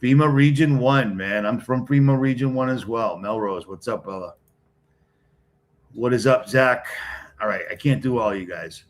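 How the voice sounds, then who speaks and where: Hosting a relaxed live stream, a middle-aged Boston-area man speaks at normal speed in a mid-range voice. The New Englander addresses chat directly, greeting commenters one after another and answering in a blunt, wisecracking way.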